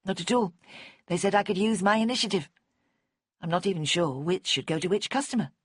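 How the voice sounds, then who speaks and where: A woman voicing a grown female florist who speaks politely and with gentle sympathy. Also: fairly low pitch, fairly quick, husky, no echo, clean studio sound. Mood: matter-of-fact.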